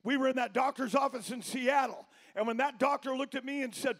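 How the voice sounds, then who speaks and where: A middle-aged man preaching a sermon as pastor, telling a story that builds into shouted preaching. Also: very high-pitched, brisk, hardly any pauses.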